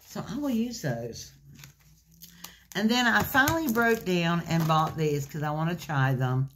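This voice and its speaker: A woman's voice: fairly low pitch, animated, a little slow, a bit bright, a little hiss or hum. A woman, chatting in a gushing, folksy way as she shows off craft supplies in a haul video. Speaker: craft vlogger. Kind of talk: casual haul video chat. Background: faint crinkling of plastic packaging.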